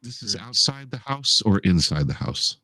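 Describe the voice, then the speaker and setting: A man's voice: lowish voice, sing-song, moderate pace, pushed and bright, dry recording. A man playing a tabletop game, stammering and flustered as he acts out panic in character. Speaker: player.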